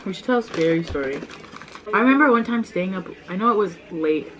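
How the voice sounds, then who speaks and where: This vlogger, the elder of two sisters, tells childhood tales in a mid-range, fairly bright voice with lively intonation and a fairly quick pace. The recording is rough, and her talk is chatty, sprinkled with "like" and plenty of laughs.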